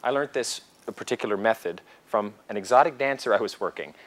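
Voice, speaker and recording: Male seminar instructor, animated lecturer, acts out scenes mid-talk. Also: lowish voice, brisk. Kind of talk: lecture to a class.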